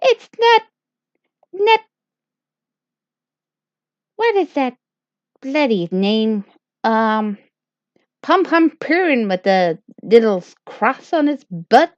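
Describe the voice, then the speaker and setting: A woman voicing an upset young woman, pitching up high and scolding. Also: sing-song, very slow, pauses often, no echo, full character voice. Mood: flustered. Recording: dull lo-fi dry recording.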